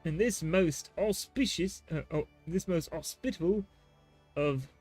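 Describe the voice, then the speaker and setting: A man voicing a rough-spoken male tavern keeper in a game, stumbling folksily over the lines. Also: fairly high pitch, unhurried, darkish tone, soft background music. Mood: hearty.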